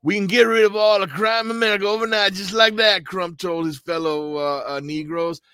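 A man's voice: a little fast, smooth, dry recording, studio quality. A man putting on an exaggerated, mocking impression of a male lawyer. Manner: exaggerated, loud, high-pitched.

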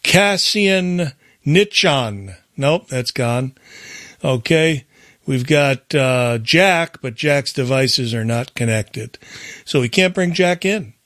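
A man's voice: medium pitch, animated, fairly bright tone, no room sound. Rambling male talk show host. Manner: halting, rambling. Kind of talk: casual call-in chat.

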